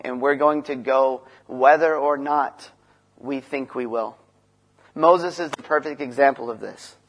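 A man preaching a sermon in an earnest way, shifting from loud emphasis to quiet, low passages and acting out short dialogues. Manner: acts out dialogue between Moses and God.

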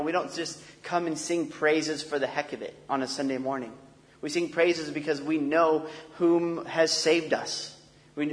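A man preaching a sermon in an earnest, conversational way, often restarting phrases. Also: a little high. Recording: long echo of a large hall.

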